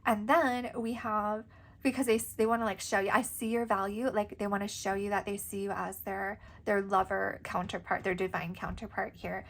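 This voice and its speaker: A woman's voice: medium pitch, fairly even intonation, moderate pace, vocal fry. A young woman doing a casual tarot reading, chatty and giggly, with lots of "like" and "um". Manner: chatty, giggly, filler-heavy. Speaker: tarot reader.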